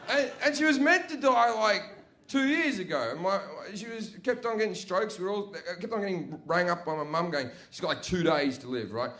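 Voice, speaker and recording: A man's voice: very animated, moderate pace. A young man doing a crude, swearing stand-up comedy set on a club stage. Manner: crude, swearing, loud jumps in pitch and volume.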